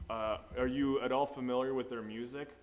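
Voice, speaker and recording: A young man with a mid-range voice and fairly even intonation does a brisk stand-up set at a small open mic venue. His comedy rambles and runs self-deprecating, packed with filler asides and plenty of "you know what I mean."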